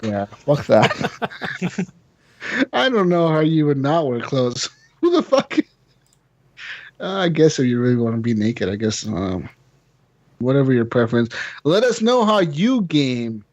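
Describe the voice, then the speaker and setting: A man hosting a casual gaming podcast, cursing freely, laughing often and telling stories with animated energy. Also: mid-range voice, unhurried, long pauses. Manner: profane, laughing, animated storytelling. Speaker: podcast host. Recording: slightly dull lo-fi audio.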